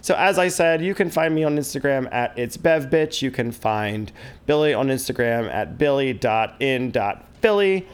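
Man, podcast host, campy and teasing, mid-pitched voice, casual banter. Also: smooth. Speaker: podcast host, drag performer. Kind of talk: casual chat.

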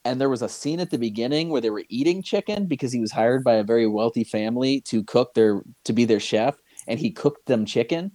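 A man's voice: mid-range voice, a little fast, few pauses, mellow, dry recording. Male co-host, casual chat, hesitant and rambling, dry close mic. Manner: rambling, hesitant with many fillers.

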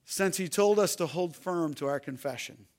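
A male pastor preaching a sermon, repeating key phrases, swinging between hushed, soft delivery and loud shouted appeals. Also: on the high side, normal speed.

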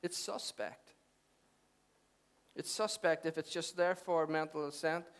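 Conversational pastor, joking then earnest. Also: male voice, on the high side, steady tone, measured pace, clean tone. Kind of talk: sermon.

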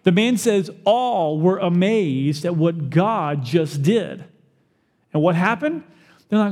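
A man preaching a sermon as pastor, animated, asking the crowd questions and acting out the people he quotes. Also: sits high, measured pace, long reverb tail.

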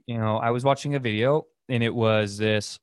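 A solo podcast host speaks with a mid-range voice, fairly even intonation, normal speed, and clean tone, captured dry in a clean studio. He rambles loosely through stories, piling on fillers and starting over often.

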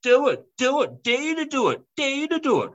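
A man's voice: extremely high pitch, wildly swooping pitch, a little fast, muffled recording, pitched above the performer's own voice, full character voice. A man putting on the voice of a defiant little boy daring his mother, in a taunting sing-song.

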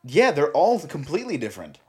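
A young man chats casually, telling stories with a lively, swinging pitch. He is animated and easily amused, like a podcast co-host riffing with a friend. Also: fairly quick, slightly rough. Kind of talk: casual chat.

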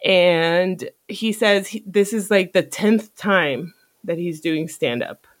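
A podcast host telling a story in casual chat, animated and profane, often laughing. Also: medium pitch, takes it slowly, no echo.

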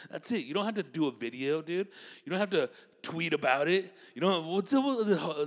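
A man's voice: a little high, a bit bright. A man delivering a profane comedic rant, mocking people and laughing at his own jokes.

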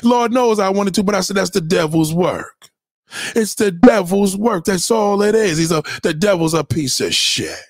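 Man, livestream host, preachy profane rant, repetitive, higher-pitched, dry webcam mic. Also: animated, normal speed, no echo. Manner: heated, preachy, swears constantly, repeats himself. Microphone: home webcam mic.

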